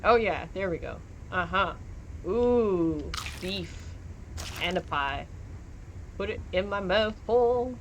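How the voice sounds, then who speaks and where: A woman's voice: mid-range voice, lively intonation, slow, background noise. A young woman streaming from home, chatting casually while gaming, giggling and joking as she reads chat aloud.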